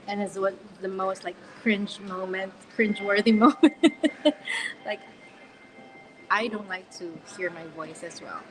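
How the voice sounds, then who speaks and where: Speaking in a lowish voice, a confidence coach from the Philippines in her forties live-streams to followers via a tripod-mounted phone in a shopping mall. She's casual, upbeat and chatty, laughing frequently and using fillers. The low-quality recording picks up the crowd of shoppers behind her.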